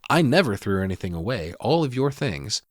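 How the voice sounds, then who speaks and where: A man's voice: fairly low pitch, big pitch swings, brisk, no room sound, clean studio sound. A man voicing a stern, secretive rural mother who drawls curt, withholding answers. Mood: evasive, cold.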